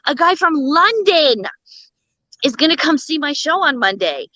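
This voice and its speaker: A woman stand-up comic telling bawdy stories as a guest in an interview, brash and animated. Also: high-pitched, a little slow, no echo, low-quality recording. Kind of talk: comedic storytelling in an interview.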